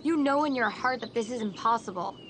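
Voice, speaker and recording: An actress voicing a desperate birth mother who refuses to be kept from her son. Her voice sits high and her talk is urgent, insistent and pleading throughout this dubbed drama scene. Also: a little fast, a little hiss or hum, natural voice.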